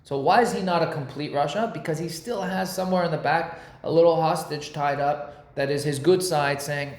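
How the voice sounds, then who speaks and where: A man with a somewhat high voice gives a relaxed, slang-filled Torah lesson, leaning on everyday comparisons to make his point. He sounds like he's in an echoey room. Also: normal speed. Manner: animated, slangy, uses pop-culture comparisons. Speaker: Torah teacher. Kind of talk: casual Torah class.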